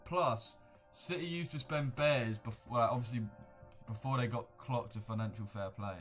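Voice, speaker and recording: A man's voice: mid-range voice, moderate pace, a bit bright, soft background music. A young man, chatting casually on a livestream and answering viewers with blunt, slangy banter. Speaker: livestream host. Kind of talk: casual livestream chat reacting to viewer comments.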